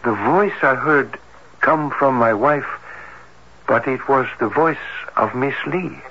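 An actor playing a reserved heart doctor in an old-time radio drama, speaking in a formal, measured and hesitant way. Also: male voice, mid-range voice, sharp tone. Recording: dull lo-fi radio broadcast with faint hiss.

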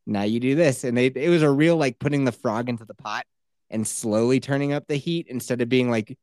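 A man co-hosting a casual chat show, telling a work story in an animated, profane way and laughing often. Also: medium pitch, a little fast, no echo. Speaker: podcast co-host.

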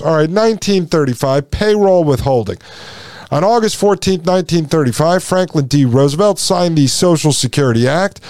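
Gravelly sarcastic male podcast host. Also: on the high side, darkish tone, no room sound. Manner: sarcastic, ranting, reads excerpts then mocks them. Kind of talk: political commentary monologue.

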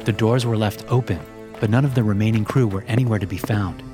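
A man narrating a horror story in a steady storytelling voice. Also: lowish voice, fast talker. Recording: loud background music.

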